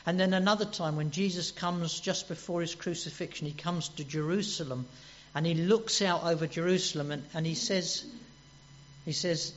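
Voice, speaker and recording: High-voiced man preaching a sermon. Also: fairly even intonation, moderate pace, a bit bright. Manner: earnest, repeats words and asks the listeners questions. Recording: dull lo-fi recording with mains hum.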